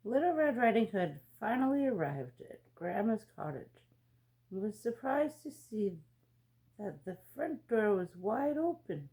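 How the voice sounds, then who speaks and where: A woman reading a fairy tale aloud as a storyteller, in a slow, expressive read-aloud manner. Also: mid-range voice.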